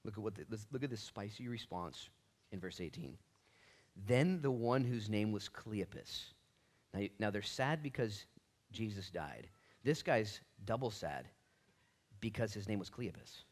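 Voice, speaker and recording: A man pastor teaching a sermon Bible study in a church, animated and casual, with slangy jokes and asides. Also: on the low side, moderate pace.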